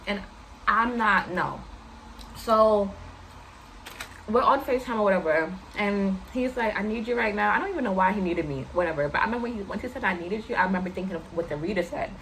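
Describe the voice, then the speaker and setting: Animated young woman telling a story. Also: fairly quick, slight background noise, rough recording. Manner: animated, slangy, acts out quotes in higher voice. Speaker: vlogger telling a personal story. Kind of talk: casual storytime chat.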